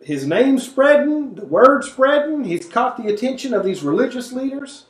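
A man leading a conversational Bible study, animated and acting out the voices he quotes. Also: very high voice, moderate pace, reverberant, far from the mic. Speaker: Bible teacher.

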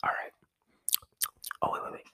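A young man hosting a casual solo podcast from home, chatty and rambling, talking quietly so as not to be loud. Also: normal speed, in a whisper. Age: young adult. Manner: chatty, rambling, self-amused. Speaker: podcast host.

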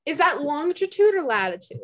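A woman's voice: sits high, sing-song, a little fast, dull audio, a loud crowd. A young American woman co-hosting a casual chat podcast from a small room, bubbly and rambling, saying "like" a lot. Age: young adult. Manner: bubbly, rambling, heavy use of "like". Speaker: podcast co-host. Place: small dorm room with thin walls.

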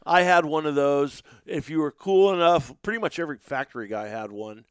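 Animated, foul-mouthed man spinning stories. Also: fairly high pitch, fairly quick, clear, resonant tone, dry recording. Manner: animated, swears freely, shouts when acting out others. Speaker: podcast guest telling stories. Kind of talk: casual storytelling chat.

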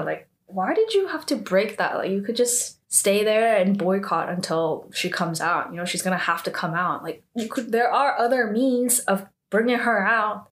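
A woman casually recapping a drama episode, saying "like" constantly and acting out the characters' quoted lines. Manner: fills with "like" constantly, acts out quotes with raised pitch.

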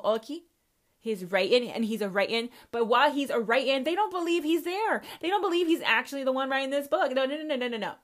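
A podcast host with a slightly high, somewhat bright voice confronts her listener directly in a monologue packed with swearing.

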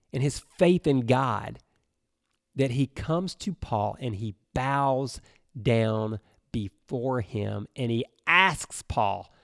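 A man giving an animated, jokey Bible lesson as a preacher, acting out what people might say. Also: vocal fry, no room sound, studio quality. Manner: expressive, jokey, acts out quotes with big pitch jumps.

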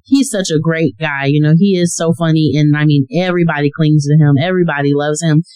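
A man's voice: fairly high pitch, steady tone, brisk, a little mellow, clean tone, no room sound, rough recording. A man hosting a faith-based podcast, affirming and effusive as he encourages listeners. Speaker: podcast host.

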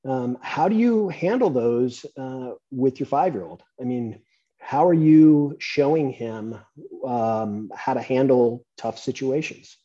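A middle-aged man hosting a podcast interview, telling a parenting story in a relaxed way and acting out the dialogue. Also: mid-range voice, slow pace. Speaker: podcast host. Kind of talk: conversational interview. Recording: dull lo-fi sound.

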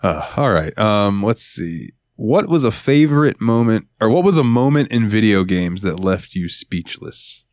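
A man's voice: fairly low pitch, lively intonation, measured pace, few pauses, darkish tone, no echo, clean studio sound. A man co-hosting a podcast in casual, laid-back chat, mumbling a bit and often quoting movie lines. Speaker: podcast co-host.

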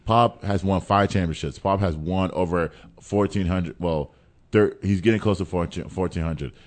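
A man hosting a casual basketball talk show, animated and given to repeating words. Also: deep voice, unhurried. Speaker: host.

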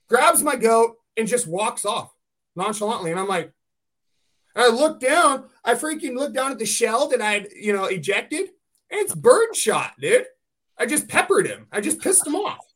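A man from California hosting a podcast, telling hunting stories in a casual, animated way and swearing freely. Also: very high voice. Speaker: podcast host. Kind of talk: casual chat.

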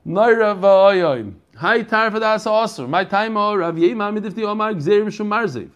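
A man's voice: sits high, brisk, a bit bright. An American man giving a Talmud class, reading the Aramaic text in a singsong and then explaining it in casual English with chatty asides to his students. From United States. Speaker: Talmud teacher.

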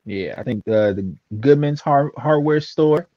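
Low guy rambling with lots of ums, muffled dry recording. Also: animated, a little slow, no echo. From San Francisco. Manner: rambling, hesitant, many fillers. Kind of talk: casual chat. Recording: dull lo-fi sound.

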